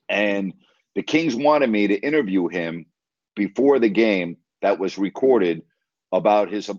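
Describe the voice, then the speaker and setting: Low-voiced man telling a story. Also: no room sound. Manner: emphatic, retells conversations with repeated "I said". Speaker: former team broadcaster. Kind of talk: casual storytelling in an interview. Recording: dry, slightly dull audio.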